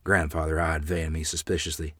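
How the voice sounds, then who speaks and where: A man narrating a read-aloud story in an expressive, good-humored manner. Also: extremely low pitch, brisk, no room sound, studio quality.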